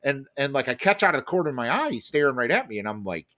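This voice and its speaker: A man co-hosting a podcast tells a story in a loose, rambling way, full of fillers and swearing. His voice sits at a middle pitch and swings up and down a lot as he talks. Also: sing-song, fast talker, sharp tone. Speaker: podcast co-host. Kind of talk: casual chat.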